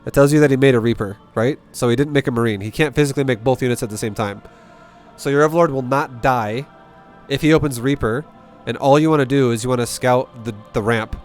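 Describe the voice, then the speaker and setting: A man coaching a player through a replay in casual, blunt commentary, cursing freely and hammering his points home by repeating them. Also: mid-range voice. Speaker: StarCraft coach.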